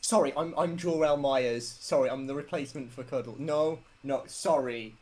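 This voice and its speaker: A man's voice: mid-range voice, moderate pace, a little mellow. A man playing a tabletop game, speaking in character in an apologetic, rambling way with nervous laughs. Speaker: player.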